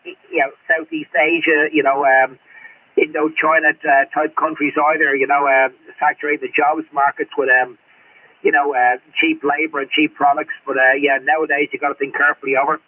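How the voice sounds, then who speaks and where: A man's voice: a little high, little pitch movement, moderate pace. Swearing Australian man over CB radio. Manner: rambling, swears constantly, blunt. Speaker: CB radio operator. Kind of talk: casual radio chat. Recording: tinny radio transmission.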